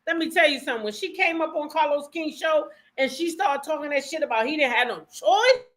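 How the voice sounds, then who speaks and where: A woman hosting a gossip commentary channel, reacting to a clip in a loud, exclaiming, slangy way. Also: high-pitched, animated, fairly quick. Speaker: host.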